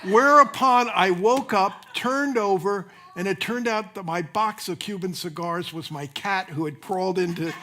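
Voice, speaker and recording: An older man preaches in a relaxed, anecdotal way, pausing to chuckle and restart his sentences. His voice sits slightly higher than most men's. It sounds like a sermon delivered in a church. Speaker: minister. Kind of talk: sermon with personal storytelling. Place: church sanctuary.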